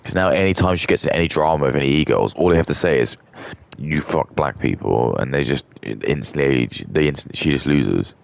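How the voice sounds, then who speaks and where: A man's voice: extremely low pitch, quick pace, creaky, hardly any pauses, dry recording. A young man rambling through a contemptuous rant as a streamer. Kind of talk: ranting casual monologue.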